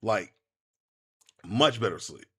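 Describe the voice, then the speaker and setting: A man, chatting casually to viewers while streaming a game, rambling and animated with many restarts. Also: lowish voice, takes it slowly, slightly rough. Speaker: gaming streamer. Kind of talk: casual live-stream chat while playing.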